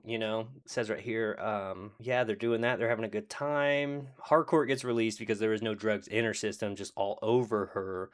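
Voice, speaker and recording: A man's voice: lowish voice, steady tone, normal speed, few pauses. A man casually recapping TV episodes in a rambling, profane, sarcastic way, full of fillers and restarts. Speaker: TV show reviewer.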